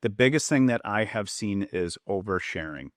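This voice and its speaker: Here an ex-cop who now works as a public safety trainer explains points on a podcast and dramatizes quoted lines to show tone, all in an Upper Midwest American accent. His lowish voice is animated, and he keeps a moderate pace. The sound is studio quality, with no room sound.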